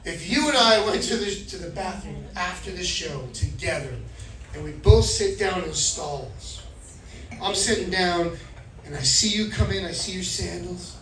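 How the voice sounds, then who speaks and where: A middle-aged man from Florida doing an animated stand-up set, acting out voices and shouting punchlines. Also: high-pitched. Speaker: stand-up comedian. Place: comedy club stage. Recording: echoey club recording from far off, crowd laughter. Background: audience laughter.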